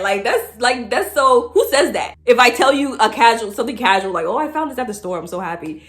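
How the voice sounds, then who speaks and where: A woman tells a story straight to her viewers in a loose, chatty way. She laughs often, and she jumps into high voices whenever she acts out what other people said. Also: lively intonation, fast, few pauses, fairly bright tone. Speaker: vlogger. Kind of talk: casual storytelling to camera.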